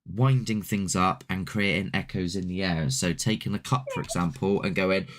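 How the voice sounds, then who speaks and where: A man's voice: low voice, moderate pace, hardly any pauses, background noise. A man, a paranormal investigator hosting a casual chat, rambling and laid-back with mild swearing. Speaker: paranormal investigator and show host.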